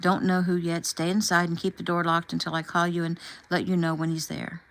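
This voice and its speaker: A woman narrator voicing a brisk, kindly, fatherly male police chief. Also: a little high, monotone, fairly bright tone, low-quality recording.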